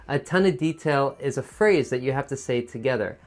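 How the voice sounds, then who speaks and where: Soft-toned man with a musical teacher voice. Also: medium pitch, a little fast, hardly any pauses. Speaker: TOEFL teacher. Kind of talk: online lesson explaining a test.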